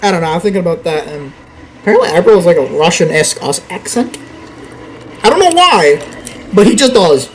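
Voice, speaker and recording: A young man with a high voice talks casually over his game, rambling from thought to thought and breaking into laughter. A faint hum of noise sits under his mic. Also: sing-song, a little fast, long pauses, poor audio. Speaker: gameplay YouTuber. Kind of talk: casual gameplay commentary.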